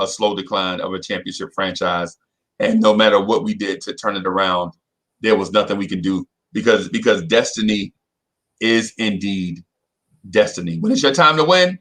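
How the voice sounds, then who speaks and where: A middle-aged man, a podcast co-host, telling a story in casual chat. He talks in an animated way, often repeats himself and keeps saying "you know what I'm saying". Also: lowish voice, poor audio.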